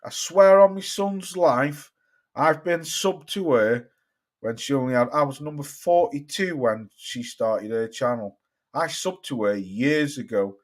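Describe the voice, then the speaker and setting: A man's voice: medium pitch, measured pace. A man with a London accent hosting a casual live stream about boxing, answering viewers and swearing freely as he gives his opinions. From England. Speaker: boxing channel host.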